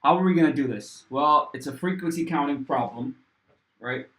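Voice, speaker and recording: A man's voice: on the high side, moderate pace, fairly bright tone. A young man livestreaming while he codes, thinking aloud in a casual, rambling way, swearing often and talking to his chat. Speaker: livestreaming programmer. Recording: roomy echo.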